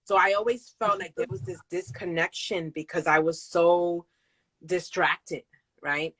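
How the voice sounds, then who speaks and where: A woman's voice: on the low side, fairly even intonation, measured pace, fairly bright tone, dry recording, poor audio. A woman hosting a casual interview chat, effusive and emphatic, laughing often as she talks to her sister. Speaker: host.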